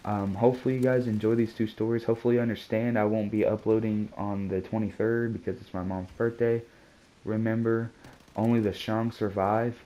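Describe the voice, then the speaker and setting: A man chats through a loose storytime vlog with a lowish, mellow voice. He rambles, restarts and drops slang and curse words as he goes. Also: little pitch movement, a little fast, highs cut off. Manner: rambling and slangy, lots of "dude" and swearing. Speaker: vlogger. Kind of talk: casual storytime chat.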